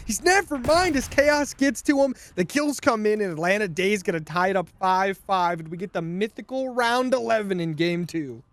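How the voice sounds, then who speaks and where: Excitable man co-casting an esports match. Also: fairly high pitch. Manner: energetic and joking. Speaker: esports co-caster. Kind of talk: excitable play-by-play commentary.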